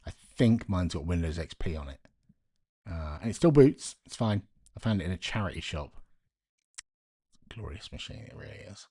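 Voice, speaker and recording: A deep, slightly husky man chats casually on a late-night live stream, half-muttering to himself as he works. He keeps his voice down at home, and the sound is close and dry. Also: lively intonation, moderate pace, no room sound. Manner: talks to himself while working, quiet and muttering.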